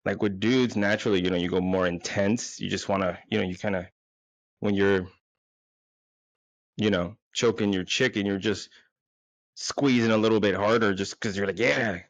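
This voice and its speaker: A man's voice: lowish voice, fairly even intonation, normal speed, pauses often, dry recording. A man in his forties, hosting with a crude, rambling, self-mocking comedic monologue. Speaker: podcast host.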